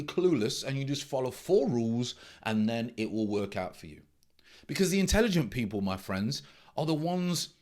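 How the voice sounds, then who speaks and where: A man's voice: medium pitch, very animated, normal speed, darkish tone. A middle-aged man, a trading mentor giving a blunt, emphatic casual monologue that repeats its key points.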